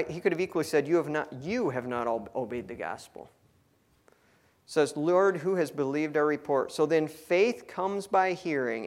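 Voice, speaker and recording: A man giving a conversational Bible teaching, reading scripture and adding folksy asides. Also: on the high side. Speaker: preacher.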